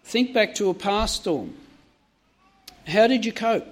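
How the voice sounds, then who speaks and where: Male preacher, higher register, sermon delivery, peppers the congregation with direct questions. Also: animated, slow pace.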